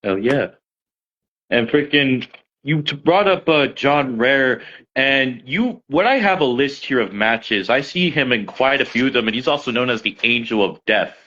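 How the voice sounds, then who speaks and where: A man hosting a casual interview, upbeat and quick to react. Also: medium pitch, lively intonation, bright, forceful tone. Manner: upbeat, reacts with whoops and laughs. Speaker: interview host. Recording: dull lo-fi sound.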